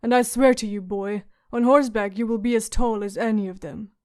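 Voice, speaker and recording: A woman's voice: fairly high pitch, steady tone, fairly quick, a little mellow, close to an everyday voice. A woman voicing a sardonic, witty dwarf lord who speaks in a dry, mocking way. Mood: wry.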